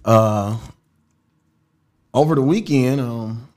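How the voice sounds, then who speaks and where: A man hosting a casual podcast in a studio, talking in slang and getting animated as he speaks over his co-host. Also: mid-range voice, slow pace. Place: home studio.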